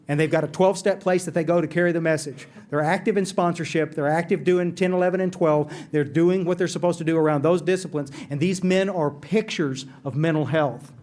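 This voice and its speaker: A man telling his recovery story to a meeting, earnest and animated, often repeating words as he goes. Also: a little high.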